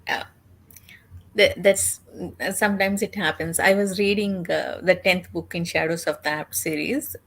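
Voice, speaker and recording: A woman chatting on a reading stream, easygoing and teasing, with some hesitant pauses. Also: fairly low pitch, fairly even intonation, gravelly. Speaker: guest reader on the stream. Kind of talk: casual chat.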